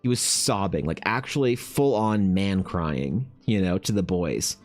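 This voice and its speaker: A man streaming while he paints, chatting casually and ranting with animated swearing. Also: deep voice, a little slow, soft background music. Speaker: artist streamer.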